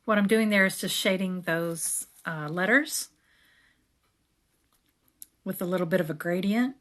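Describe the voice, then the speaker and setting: A woman casually explaining her journaling steps as she works, now and then slowly reading verses aloud. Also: lowish voice. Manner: relaxed, chatty, reads verses aloud slowly. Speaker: creator. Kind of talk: casual craft tutorial narration.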